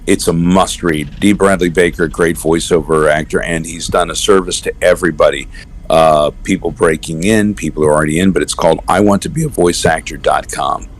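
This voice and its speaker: A middle-aged man, a voice actor, chatting as a guest in an interview and telling stories with animated asides. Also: low voice. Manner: animated storyteller, slips into quick character voices. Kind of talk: casual interview chat.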